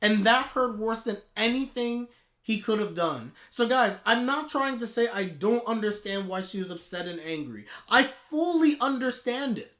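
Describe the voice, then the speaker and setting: A man ranting in a live anime reaction, heated and exasperated, with sudden loud outbursts. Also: high voice, expressive, normal speed.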